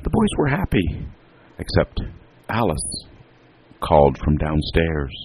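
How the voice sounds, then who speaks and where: A man telling a homely family story in an unhurried, drawn-out way. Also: a bass voice, wildly swooping pitch, a little mellow, slight background noise, poor audio. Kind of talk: storytelling narration.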